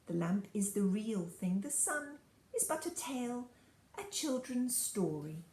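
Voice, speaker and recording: A cunning witch queen with a soft, cooing voice, put on by a woman reading aloud. She speaks slowly and low, and the room adds a noticeable echo. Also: big pitch swings. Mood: soft coaxing.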